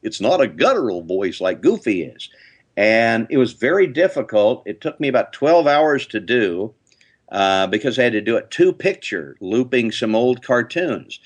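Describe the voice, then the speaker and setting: An older man guest tells stories from a long voice-acting career. His pitch moves lively up and down, and he slips into character voices. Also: normal speed. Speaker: voice actor guest. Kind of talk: interview anecdotes.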